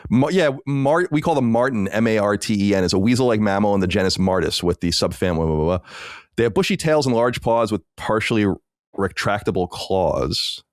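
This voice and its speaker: A man's voice: lowish voice, expressive, a little fast, no room sound, studio quality. A man co-hosting a podcast, chatting casually in a rambling, filler-heavy way. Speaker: podcast co-host. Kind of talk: casual chat.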